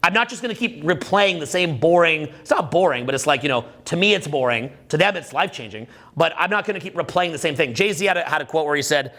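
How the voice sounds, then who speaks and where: A man in his forties, a dating coach, giving a live seminar talk from a stage in an animated, profane, conversational way that keeps checking in with "right?". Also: a little high, fast, hardly any pauses.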